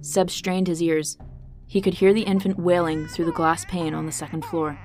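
A woman reading a fantasy story aloud as the narrator, in a steady, measured way. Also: sits low, faint music behind.

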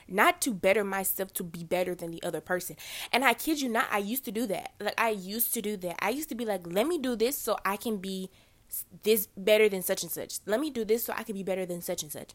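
Chatty teenage girl podcasting. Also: mid-range voice. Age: teens. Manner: chatty, lots of fillers and self-corrections. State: congested. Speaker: podcast host. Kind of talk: casual podcast monologue.

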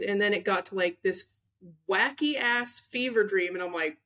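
A woman's voice: medium pitch, moderate pace, a bit bright. A woman co-hosting a casual podcast, blunt and joking, with casual swearing.

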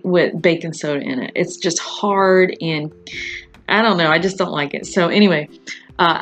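A woman hosting her own podcast, chatting casually and rambling, with frequent fillers and laughs. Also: lowish voice. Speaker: podcast host. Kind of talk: casual solo podcast chat.

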